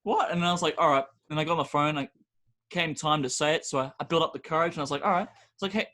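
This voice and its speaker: A man co-hosting a casual podcast, speaking in a voice a little higher than most men's. He tells stories with animation and acts out the voices of the people he quotes. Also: racing, sharp tone. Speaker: podcast co-host. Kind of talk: casual chat.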